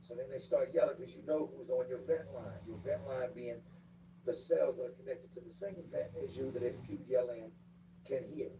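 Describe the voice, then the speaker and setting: Gravelly man telling prison stories. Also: medium pitch, steady tone, moderate pace, dark tone. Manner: street slang, acts out voices of other inmates. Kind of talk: casual storytelling. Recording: distant mic with clear background noise.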